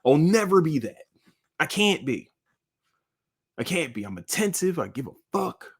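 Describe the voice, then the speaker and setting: A man's voice: a little high, very animated, a little slow, husky. A man hosting a solo podcast, talking in a rambling, profane, emotional way straight to his listeners from a cold room. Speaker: podcast host. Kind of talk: casual solo monologue.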